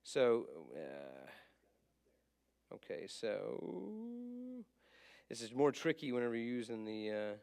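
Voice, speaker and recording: A man's voice: medium pitch, very animated, takes it slowly, creaky, long pauses, a little mellow. A man teaching a casual class. He asks questions and answers them himself, and he stops to fix his slips.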